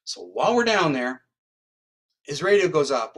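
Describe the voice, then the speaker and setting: A man from Canada, a guest in an interview, telling a long story in a rambling, animated way and acting out what others said. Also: a little high, normal speed. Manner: rambling, acts out quoted dialogue.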